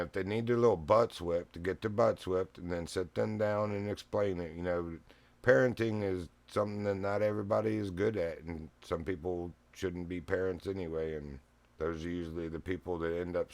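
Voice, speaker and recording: A middle-aged man with a drawl spins a rambling, folksy yarn on his stream, chuckling as he goes. His voice sits very low, and the sound is close and dry with no room around it. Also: no room sound. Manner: rambling, folksy, laughs often. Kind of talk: casual storytelling chat. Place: home living room. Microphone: streaming mic.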